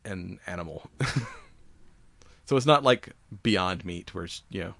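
A man chatting through science news on a casual podcast, his voice fairly low and recorded dry and close. He rambles, fills gaps with "uh" and "you know", swears freely and laughs at his own jokes. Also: animated, measured pace, creaky, fairly bright tone, no room sound.

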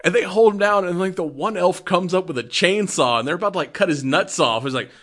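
A man's voice: high voice, quick pace, a bit bright. A man recapping a movie in a loose, rambling way, full of fillers. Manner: rambling, filler-heavy storytelling. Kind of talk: casual movie recap chat.

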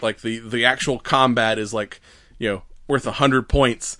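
A man co-hosting a podcast, rambling through a casual recap with frequent laughs and quick acted-out lines. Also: medium pitch, sharp tone, no echo, studio quality. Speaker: podcast co-host. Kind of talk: casual chat recapping a comedy series.

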